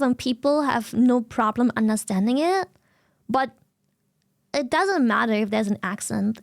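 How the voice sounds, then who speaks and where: A woman with a German accent, a native German speaker chatting casually on stream in an animated, slangy way with plenty of swearing. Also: fairly high pitch, dry recording, studio quality.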